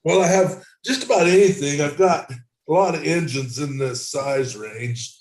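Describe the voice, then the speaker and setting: A man's voice: on the high side, unhurried. A man chatting easily on a video call from his home workshop, rambling a little as he talks shop. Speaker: hobbyist guest. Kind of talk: casual video call chat. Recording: echoey workshop room.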